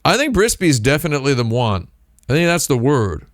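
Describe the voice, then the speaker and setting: A man hosting a live stream, talking in a rambling, deadpan comedic monologue and playing with made-up words. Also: fairly quick, no room sound, studio quality. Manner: deadpan, playful with invented words, lively pitch swings. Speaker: streamer host.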